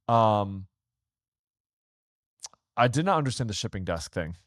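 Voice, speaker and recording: Man, podcast co-host, lowish voice, dry close mic, upbeat eager chatter. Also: expressive, no room sound. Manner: eager, upbeat, quick to agree. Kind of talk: casual chat.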